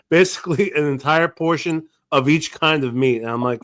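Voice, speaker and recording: A man's voice: a little high, moderate pace, a bit bright. A man guest on a livestream, bantering and telling stories wryly. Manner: wry, teasing storyteller. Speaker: stream guest.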